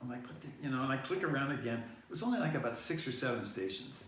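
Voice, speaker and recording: A man rambles through a personal story, circling back and restarting his sentences as he goes. He sits far from the mic in a very echoey room, and a faint hiss runs underneath. His voice sits at an ordinary middle pitch. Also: lively intonation, quick pace, fairly bright tone. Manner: meandering, many fillers and restarts. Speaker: vlog host.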